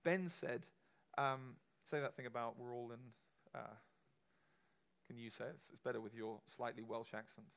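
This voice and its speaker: A man's voice: mid-range voice, fairly even intonation, moderate pace, creaky, fairly bright tone. A man preaching a sermon to a congregation in a conversational, emphatic way, often asking the room questions.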